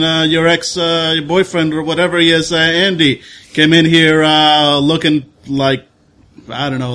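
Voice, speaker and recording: A man voicing a weary, gruff male bartender who talks in a low, laid-back drawl. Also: bright, forceful tone.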